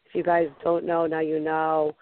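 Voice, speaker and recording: A woman host with a Boston accent, chatting effusively in an interview, halting often with fillers. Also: low-pitched, completely flat delivery, slight background noise. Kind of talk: casual interview chat. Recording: tinny phone line, dry.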